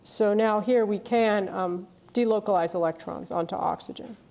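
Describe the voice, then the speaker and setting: A woman's voice: medium pitch, moderate pace, creaky, darkish tone. A woman giving a university chemistry lecture, explaining step by step and often checking in with "okay?" and "right?".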